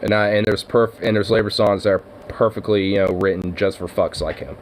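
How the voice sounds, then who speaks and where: A man's voice: fairly low pitch, fairly even intonation, fairly quick, slight background noise. A man chatting casually on his own vlog, rambling and swearing, with laughs and lots of fillers. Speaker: vlogger.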